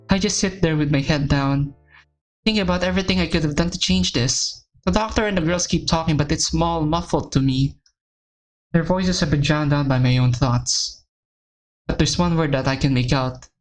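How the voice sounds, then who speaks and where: A woman's voice: normal speed, faint music behind, close to an everyday voice. A woman reading as a brooding, guilt-ridden young man. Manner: low, heavy, brooding inner monologue.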